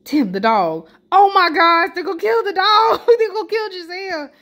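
A woman reacting out loud while playing a story game, tossing out slang and swear words between bursts of laughter. Her voice sits high and jumps all over the place as she reacts. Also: expressive, normal speed.

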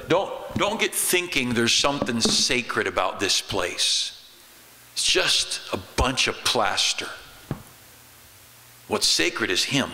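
A middle-aged man, a pastor, preaching a sermon in a church, shifting between loud exclamations and quiet asides. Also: mid-range voice. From United States. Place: church sanctuary. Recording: church hall reverb.

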